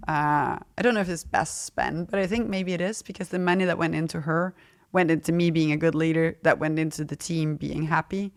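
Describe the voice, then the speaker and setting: A woman's voice: deep voice, fairly even intonation, brisk. A middle-aged woman speaking frankly and casually as an interview guest, laughing often as she talks. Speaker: fashion brand founder, guest.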